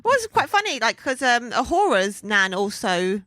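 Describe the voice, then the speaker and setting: A woman, co-hosting a casual chat podcast, chatty and quick to laugh. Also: fairly high pitch, big pitch swings, a bit bright, no echo. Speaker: podcast co-host.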